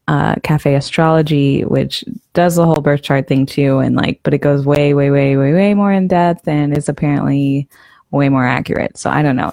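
A woman's voice: deep voice, vocal fry, darkish tone, no room sound. A woman co-hosting a casual podcast, musing and rambling with many fillers. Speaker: podcast co-host.

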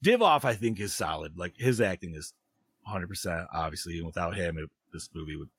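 A man's voice: low voice, animated, a little fast, a bit bright, husky, no echo. A man hosting a casual horror movie review podcast, laughing often, swearing freely and losing his place while reading. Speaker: podcast host.

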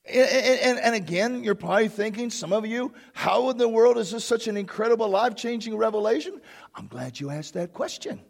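A man preaching a sermon as pastor in a church, swinging from slow, quiet lines to emotional shouting and leading the congregation in call-and-response. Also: sits high, animated, gravelly.

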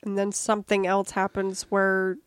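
A woman co-hosting a casual podcast chat about comics, conversational and quick to laugh. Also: medium pitch, monotone, clean tone, no echo. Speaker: podcast co-host.

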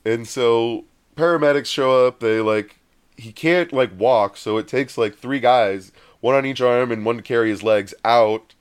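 Smooth-voiced man telling a rambling story. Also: medium pitch, unhurried. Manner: rambling, animated, acts out quoted voices. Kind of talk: casual storytelling chat.

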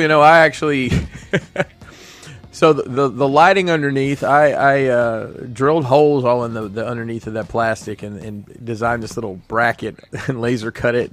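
Male podcast host, loose rambling storyteller, middle pitch, faint music bed. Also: moderate pace. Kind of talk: casual chat.

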